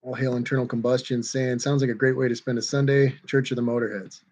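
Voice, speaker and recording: A man's voice: mid-range voice, flat delivery, fast talker, a little mellow, highs cut off. A man hosts a casual livestream, reading viewer comments aloud. His delivery is laid-back and conversational, with easy replies between the comments. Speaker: livestream host reading chat. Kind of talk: casual chat.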